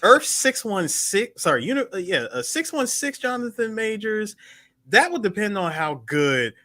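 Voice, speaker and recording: A man on a podcast, jumping in with quick corrections in casual chat. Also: high voice, big pitch swings, pushed and bright, no echo, clean studio sound. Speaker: podcast co-host.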